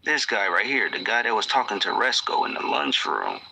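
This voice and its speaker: A man's voice: lowish voice, very animated, moderate pace, vocal fry, sharp tone, poor audio. A man talking casually on a livestream in loose street slang with some profanity.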